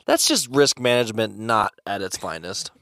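A man co-hosting a podcast, teasing and excitable in casual chat. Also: on the low side, moderate pace, creaky, dry recording, studio quality. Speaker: podcast co-host.

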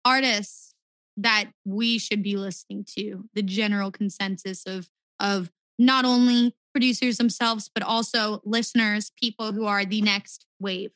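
A woman's voice: mid-range voice, steady tone, unhurried, a bit bright, no echo, poor audio. A woman hosting a podcast, talking enthusiastically and casually with her guest. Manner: enthusiastic, upbeat. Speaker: podcast host. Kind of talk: casual interview conversation.

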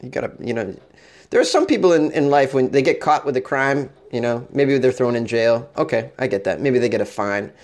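A man with a mid-range voice and brisk delivery hosts a comedic talk show. He reads odd news stories aloud, joking with frequent laughs and stammered restarts.

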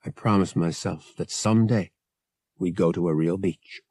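A man's voice: moderate pace, slightly rough, no echo, studio quality. A man doing a smug young pilot. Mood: earnest. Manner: smug, relaxed, low delivery. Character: cocky young male pilot, smug and easygoing.

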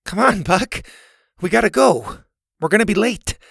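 A man's voice: fairly high pitch, big pitch swings, normal speed, gravelly, fairly bright tone, slightly rough, dry recording, clean studio sound, voice pushed up, full character voice. A man reading a storybook voices a nervous, complaining boy camper in a raised, lighter voice. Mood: urgent. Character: boy camper, jumpy and wary.

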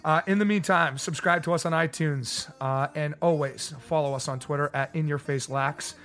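A man's voice: on the high side, fairly even intonation, normal speed, a bit bright. A man co-hosting a casual sports podcast, running through his tournament picks in a loose, chatty way. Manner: loose and chatty, with laughs and acted-out quotes. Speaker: podcast co-host.

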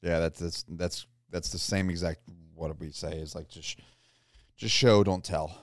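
A man's voice: low-pitched, steady tone, unhurried, no echo, clean studio sound. A man hosting a podcast, asking long, rambling questions in casual talk and often repeating himself. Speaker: podcast host.

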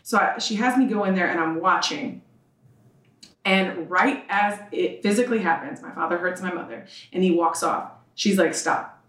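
A woman's voice: lowish voice, normal speed, fairly bright tone. A woman in her thirties, a podcast guest telling a raw, emotional personal story and acting out the voices in it. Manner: raw, emotional, acts out quoted exchanges. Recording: roomy sound from a distant mic.

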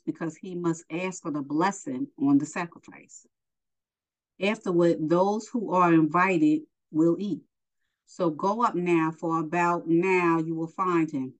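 A woman's voice: fairly low pitch, low-quality recording. A woman teaching a Bible lesson, reading scripture aloud and stopping to explain it in casual asides.

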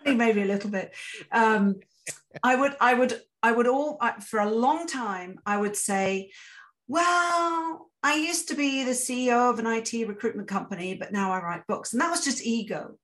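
A woman author talking candidly in a casual interview, self-deprecating and quick to laugh. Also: a little high. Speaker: author guest.

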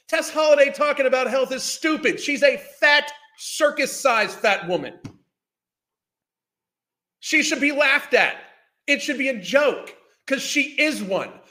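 A man's voice: very high-pitched, animated, brisk, pushed and bright. A man, ranting in a heated, profane, scornful way as a podcast host. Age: 50s. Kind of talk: ranting commentary.

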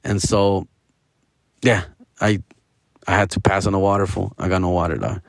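A man's voice: low voice, steady tone, moderate pace, vocal fry, no room sound. Profane slangy man ranting, dry sound. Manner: slangy, profane, mixes Spanish, calls listener fool. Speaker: comedian. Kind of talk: casual rant.

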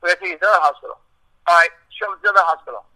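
A man's voice: sits high, very fast, bright, forceful tone, poor audio. A middle-aged man telling a rambling, profane story in a casual chat, acting out what people said. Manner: profane, rambling, acts out quotes.

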